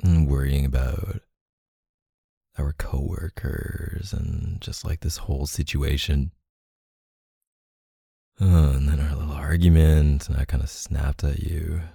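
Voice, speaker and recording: Male, deep husky murmur, dark tone; intimate audio role-play, close and unhurried. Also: steady tone, no room sound. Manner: soft, close, murmuring partner voice.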